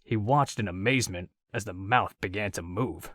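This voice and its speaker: A low-voiced man reads an audiobook in a steady, measured manner. The recording is dry and has clean studio sound.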